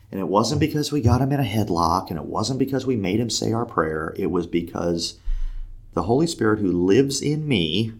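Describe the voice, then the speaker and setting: A man with a fairly low voice tells a story with a lot of swing in his pitch. He talks casually and slips into the voices of the people he describes. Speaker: podcast guest telling a story. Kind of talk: animated storytelling.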